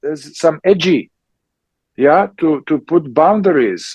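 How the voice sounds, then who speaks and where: A man, a therapist and teacher answering questions in a slow, emphatic conversational way, often checking in with "yeah?". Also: a little high, lively intonation, a little mellow, breathy edge, no room sound, muffled recording. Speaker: somatic psychotherapist and teacher.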